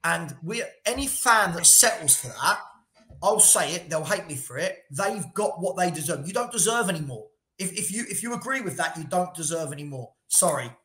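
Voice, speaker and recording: A man's voice: fairly high pitch, expressive, normal speed, pushed and bright, echoey room. A man co-hosting a casual football debate, blunt and passionate, repeating himself when heated. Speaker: football podcast co-host.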